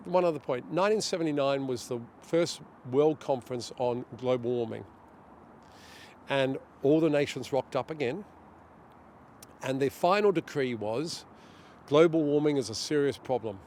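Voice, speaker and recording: A middle-aged man being interviewed outdoors, talking in an animated way and acting out what others say. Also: medium pitch, slight background noise. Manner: animated, storytelling, acts out quotes. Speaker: guest, director of a global governance group. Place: outdoors near a street demonstration.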